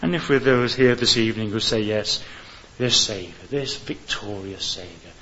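A man's voice: lowish voice, moderate pace, fairly bright tone. Earnest male preacher on a dull, hissy recording. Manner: earnest, rising to fervent appeals. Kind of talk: evangelistic sermon.

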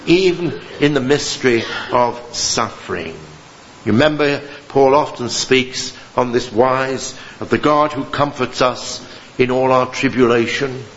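A man preaching a sermon, earnest and solemn, swelling on some phrases and sinking to a hush on others. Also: a little high, dull audio, a little hiss or hum. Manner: earnest, slow and solemn, with dramatic rises and hushed drops.

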